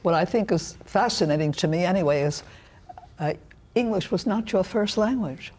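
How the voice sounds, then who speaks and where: A woman's voice: on the low side, moderate pace, a little mellow. A woman hosting an arts talk show, asking the guest questions and then wrapping up by thanking the panel.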